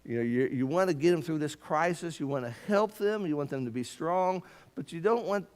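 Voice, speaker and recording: A man's voice: fairly high pitch, animated, fairly quick, clear, resonant tone. A man teaching a Bible class at church, earnest and emphatic, often stumbling into repeated words as he restarts his sentences.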